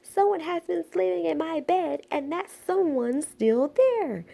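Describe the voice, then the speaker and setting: A woman's voice: extremely high pitch, expressive, unhurried, gravelly, dark tone, voice pushed up, full character voice. A woman voicing a whiny little boy bear in a storybook, wailing and squealing.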